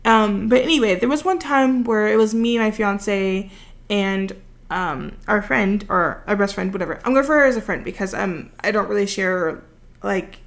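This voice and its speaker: A young woman with a medium-pitched voice and some vocal fry talks at a moderate pace, recorded at home. She's a video creator telling a rambling, casual story over her gameplay footage, packed with fillers.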